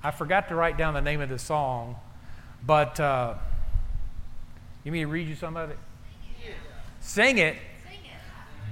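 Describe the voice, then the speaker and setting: A man's voice: fairly high pitch, lively intonation, moderate pace, long pauses, sharp tone, slight background noise. A man preaching a folksy, joking sermon in a church, half-singing song lyrics. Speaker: pastor. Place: church sanctuary. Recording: echoey church hall with faint ambience.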